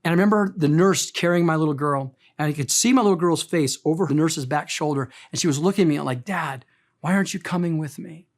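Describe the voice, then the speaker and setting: A man's voice: fairly high pitch, fast talker, hardly any pauses. A middle-aged pastor preaching to his congregation in a church. He tells personal stories with emphatic, heartfelt delivery, pressing hard on key words. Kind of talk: sermon.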